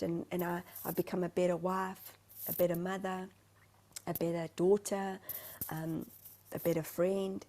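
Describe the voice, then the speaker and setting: A woman's voice: fairly low pitch, steady tone, normal speed, creaky, warm tone. A talkative woman, a spiritual medium telling her story in a rambling, emotional way as a guest on an interview show. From South Africa. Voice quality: talkative, self-described motor mouth. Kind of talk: candid interview conversation.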